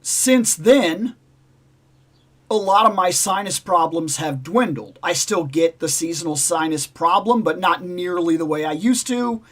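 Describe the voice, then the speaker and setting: A man hosts a casual livestream and tells a long personal story. His voice sits a little higher than most men's. He rambles and repeats himself, slipping into the voices of the people in his story. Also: unhurried, fairly bright tone. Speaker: livestream host.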